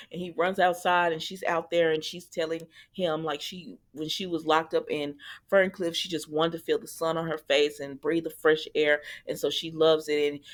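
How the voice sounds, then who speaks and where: A woman casually recapping a soap opera episode, chatty and sassy, talking back to the characters. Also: low-pitched.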